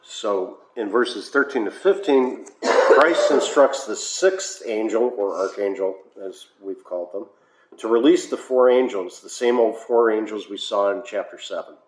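Low-pitched american pastor man chatting thru a bible study, dry little asides, echoey church room. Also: unhurried. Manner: conversational, with filler uhs and wry asides. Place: church hall. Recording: echoey room, faint noise.

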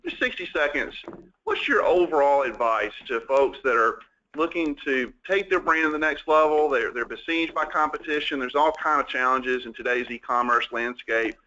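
A man's voice: mid-range voice, animated, moderate pace, bright, forceful tone, highs cut off. A man hosting a business interview, asking chatty questions and restarting them as he goes. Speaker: interview host.

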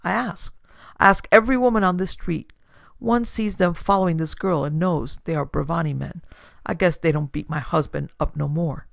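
A woman voicing a massive, blunt foreign housewife who speaks flat, broken English. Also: on the low side, normal speed, gravelly, no echo, clean studio sound. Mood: flat, matter-of-fact.

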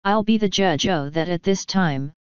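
Woman as old voiced clan mother, stern, slow, dull lo-fi sound. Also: fairly low pitch, clean tone, no room sound, natural voice. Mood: commanding. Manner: slow, commanding, canny. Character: ancient tiny Scottish-voiced fairy clan mother, stern.

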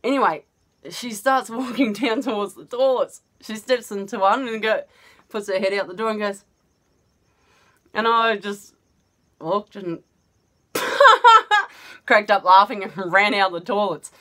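A woman's voice: medium pitch, steady tone, moderate pace, a bit bright. A woman with an Australian accent casually telling a personal story, chatty and often laughing as she goes. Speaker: vlogger.

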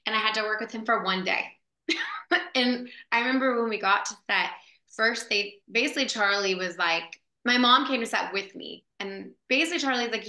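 Bright echoey woman telling a story. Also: medium pitch, normal speed. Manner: animated, lots of fillers. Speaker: actress guest. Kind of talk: casual storytelling in an interview. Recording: echoey room.

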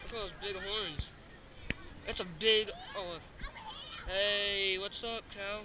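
A man's voice: high voice, little pitch movement, slow. A man vlogging a family farm outing, teasing the animals playfully and reading signs aloud. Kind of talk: casual handheld vlog commentary. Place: outdoors at a farm orchard. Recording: loud outdoor noise on a camera mic.

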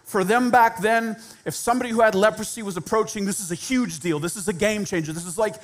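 Man preaching in church, lively and theatrical, voices the people in his stories. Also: high voice, quick pace. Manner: animated, acts out quoted voices. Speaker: pastor. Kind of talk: sermon. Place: church sanctuary.

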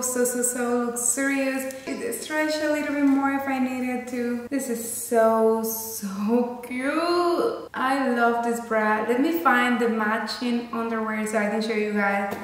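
Gushing woman in an echoey room. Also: on the high side. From Cuba. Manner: gushing and excitable, gasping over each item. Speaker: fashion vlogger. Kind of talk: unboxing haul vlog. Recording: echoey room with long reverb.

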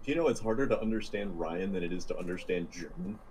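A man playing a tabletop game, chatting casually in a wry, unhurried way. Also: deep voice, lively intonation, heavy background noise. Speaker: player. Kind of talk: casual chat.

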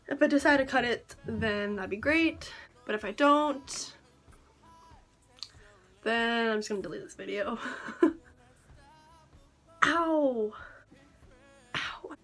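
A woman's voice: high-pitched, a bit bright. A young woman vlogging casually to camera, rambling and giggling nervously as she talks. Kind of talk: casual vlog chat.

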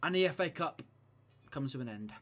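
A young man giving play-by-play commentary on his own football video game, swinging between low grumbling and shouted excitement. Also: a little fast, soft background music. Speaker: gaming YouTuber playing football career mode.

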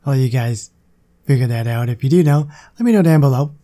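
A young man giving casual, excitable commentary on his gameplay and chatting to viewers. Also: mid-range voice, fast. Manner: excitable, chatty, talks to the game. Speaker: gaming channel host.

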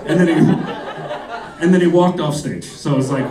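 Telling rambling tales on a comedy club stage, this male comic laughs a lot and mimics the voices of the people he describes. His voice is a little high, a little fast and a little mellow, picked up by a far-off mic in an echoey room full of audience laughter.

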